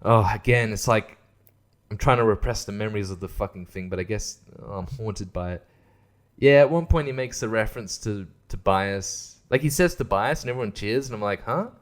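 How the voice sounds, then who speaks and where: A man's voice: on the low side, a little fast. A man hosting a podcast, ranting in a casual, sarcastic way with lots of swearing and laughs at his own jokes. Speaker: podcast host and comedian.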